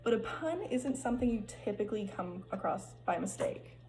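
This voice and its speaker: Woman student talking through a class assignment in a loose, chatty way; gravelly edge to the voice. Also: medium pitch, lively intonation, brisk, a little mellow, slight background noise, rough recording. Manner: chatty, loose, with filler words and restarts. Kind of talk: casual recorded class presentation.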